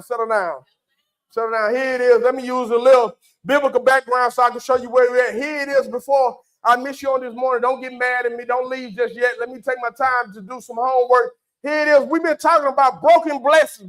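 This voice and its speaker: High-voiced preacher man. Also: fairly bright tone, poor audio. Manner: folksy preaching with call-and-response asides. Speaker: pastor. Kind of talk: sermon. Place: church.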